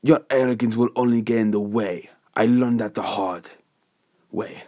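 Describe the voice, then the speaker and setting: A man putting on a grim young armored hero who talks slowly and gravely. The voice sits fairly low, with solemn weight on each word, like a fan-made storybook reading. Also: steady tone, warm tone, no room sound, studio quality, natural voice. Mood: stern. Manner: slow, solemn, dramatic delivery.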